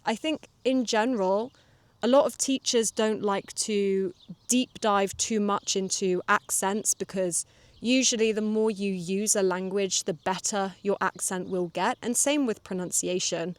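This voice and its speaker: A woman hosting a relaxed English-learning podcast, explaining things calmly and drawing out her vowels. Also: medium pitch, unhurried, no room sound. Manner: calm, explanatory, draws out vowels. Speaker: English teacher and podcast host.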